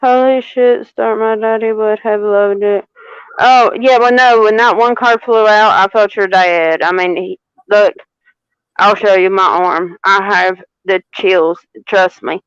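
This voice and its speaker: A woman giving a live tarot reading, unhurried and repeating phrases for emphasis. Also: mid-range voice, fairly even intonation, clean tone, dry recording, muffled recording. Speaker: tarot reader.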